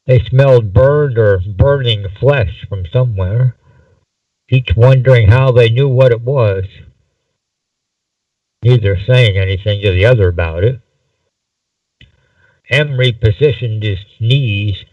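A man reading a story aloud slowly and deliberately, in a dull, distant amateur recording. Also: medium pitch, no room sound. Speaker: narrator.

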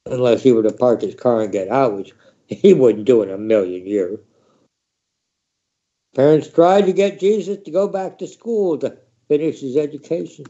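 Man, mid-high mellow voice, wry spoken-word storyteller, dull lo-fi recording. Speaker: reader.

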